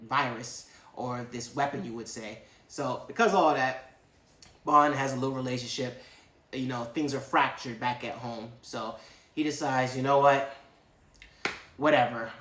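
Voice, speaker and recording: Man, casual film review, rambling slangy asides, bright voice, roomy echo. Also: medium pitch. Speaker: movie reviewer. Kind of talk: casual spoken movie review.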